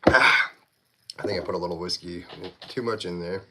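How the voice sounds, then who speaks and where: A man's voice: low-pitched, fairly even intonation, normal speed, heavy background noise. A Canadian man with a Canadian accent chatting casually on a knife-sharpening livestream, reading viewer comments aloud while he works.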